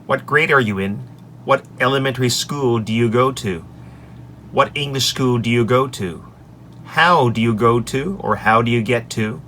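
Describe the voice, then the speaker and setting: A man who teaches English, recorded in his office on a desk microphone, walking through his lesson slides in an upbeat way and saying each example sentence clearly. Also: medium pitch, normal speed, sharp tone, a little hiss or hum. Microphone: desk microphone on an extension arm.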